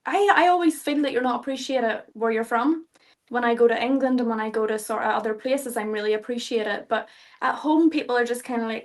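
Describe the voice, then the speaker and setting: A woman's voice: a little high, a little fast, fairly bright tone. A young Irish woman, a fighter guest in an interview, talking casually, swearing freely and laughing often. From Ireland.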